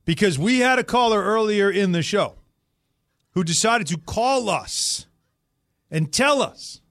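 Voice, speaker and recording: Lively male sports radio host, dry sound. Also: high voice, measured pace, dry recording. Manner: lively, joking, conversational. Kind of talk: casual chat.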